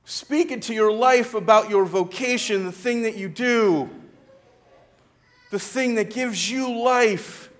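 A man preaching a sermon, retelling a story slowly and dramatically, with pauses and hushed passages. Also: high-pitched.

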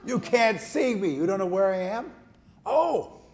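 A man, a pastor, gently leading a children's message during a church service. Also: high voice, sing-song, measured pace. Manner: gentle, coaxing, talks to children. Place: church sanctuary.

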